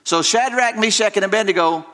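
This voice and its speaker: A male preacher delivers a sermon, dramatically retelling scripture stories and often repeating words as he restarts his sentences. His voice sits high, with a fairly bright tone and a brisk pace.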